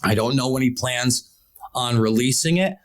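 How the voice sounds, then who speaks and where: A man's voice: mid-range voice, moderate pace. An American man hosting a political podcast, talking in an emphatic, urgent way and repeating words for stress. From United States. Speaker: podcast host.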